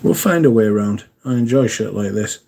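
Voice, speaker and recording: A man's voice: on the low side, animated, brisk, vocal fry, mellow, a little hiss or hum. Sweary man hosting a livestream. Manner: sweary, chatty, reads viewer comments aloud. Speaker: livestream host. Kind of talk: casual livestream chat.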